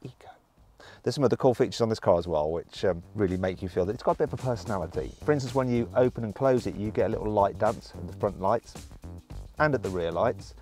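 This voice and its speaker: A man's voice: fairly low pitch, fast talker, darkish tone, faint music behind. A man from the English Midlands with a British accent, presenting a car review in an upbeat, playful, chatty way. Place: in and around a car.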